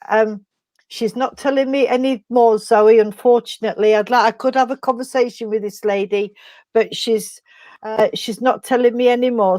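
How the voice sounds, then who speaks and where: A woman giving an emotional mediumship reading, speaking in a halting, tender way and calling the listener sweetheart. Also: fairly high pitch, darkish tone, no room sound. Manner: halting, tender, full of endearments. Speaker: spiritualist medium.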